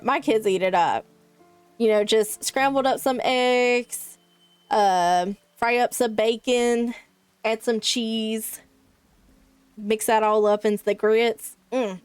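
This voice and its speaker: A young woman from South Carolina with a Southern accent, chatting to her stream chat in a rambling way. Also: a little high. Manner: chatty, rambling, many likes. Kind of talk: casual chat with live chat.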